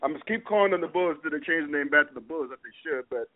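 A man's voice: on the high side, racing. A man hosting a casual sports chat, rambling and repeating himself as he builds his point. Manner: rambling, repeats words and restarts, excitable. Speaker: podcast host. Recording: tinny phone-like audio.

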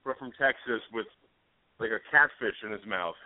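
A man's voice: on the low side, moderate pace, no echo. A man co-hosting a radio show, chatting casually in a rambling way with lots of fillers. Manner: rambling, hesitant, full of fillers. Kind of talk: casual chat. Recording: tinny phone-like sound.

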